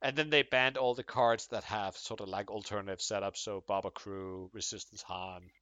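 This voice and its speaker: Sex: man. Role: podcast host. Style: casual chat. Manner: hesitant restarts. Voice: bright, forceful. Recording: dry. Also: fairly low pitch, steady tone, moderate pace, no room sound. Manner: hesitant, repeats words when starting. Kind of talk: casual gaming discussion.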